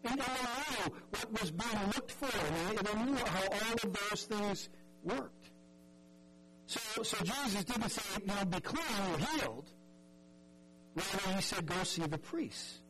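A man's voice: high-pitched, lively intonation, unhurried, very noisy. A man preaching a sermon in an earnest, conversational way, often repeating words and acting out the voices in the story.

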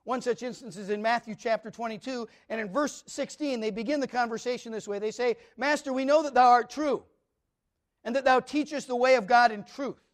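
Male pastor, very high voice, emphatic sermon delivery. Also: fairly quick. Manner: emphatic, repetitive preaching cadence, swinging from loud to quiet. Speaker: preacher.

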